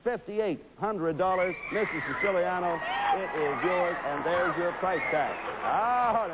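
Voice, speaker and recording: A man hosting a live TV game show, briskly rattling off bid numbers like an auctioneer. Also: high-pitched, heavy background noise. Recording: dull lo-fi 1960s broadcast.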